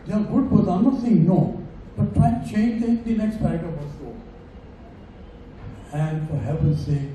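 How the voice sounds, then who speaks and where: A man's voice: fairly high pitch, noisy background. An older man giving a chatty, joking speech at a farewell event, calling on audience members by name. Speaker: guest speaker. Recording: echoey room, distant dull mic.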